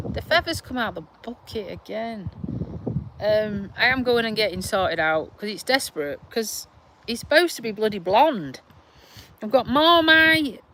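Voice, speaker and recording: A little hiss or hum sits under a woman's mid-range, slightly bright voice. The vlogger, middle-aged and from Lincolnshire, England, with a South Yorkshire twang, chats casually on a back-garden livestream, rambling slowly, sighing, and addressing viewers' comments.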